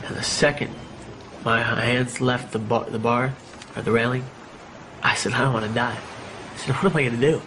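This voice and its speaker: A man's voice: mid-range voice, flat delivery, moderate pace, long pauses, background noise. A man giving a candid, rambling personal testimony in an interview, with many fillers and restarts. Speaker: interviewee recounting his own story. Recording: music playing under the voice.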